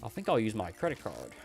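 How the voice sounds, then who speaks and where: A man's voice: lowish voice, a little mellow. Chatty male game streamer. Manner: rambling, chatty, laughs often, reads out chat. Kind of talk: casual live-stream chat.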